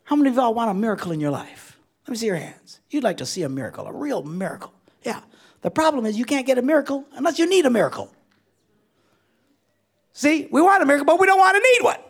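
A middle-aged male pastor tells comic stories from the pulpit with a high, gravelly voice. His delivery swings widely between loud bursts and quiet asides. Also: very animated, fast. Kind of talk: humorous storytelling sermon.

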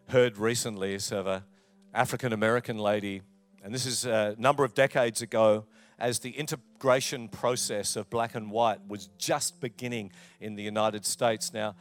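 A man, a pastor preaching a sermon, with loud emphatic lines and quiet asides. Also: fairly low pitch. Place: church.

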